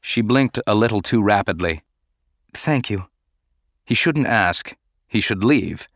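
A man narrating a novel in a measured, even way. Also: fairly low pitch, dry recording. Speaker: audiobook narrator. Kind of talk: scripted narration.

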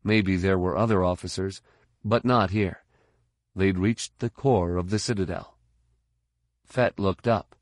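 A man narrates an audiobook in a low voice, unhurried and measured. The recording is close and dry, with no room sound at all. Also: fairly even intonation, no room sound. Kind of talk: scripted narration.

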